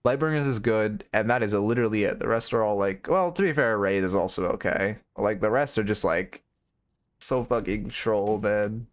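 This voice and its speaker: A man's voice: fairly low pitch, moderate pace. A young man streaming and coaching a game, rambling through frank, profane critique in casual commentary.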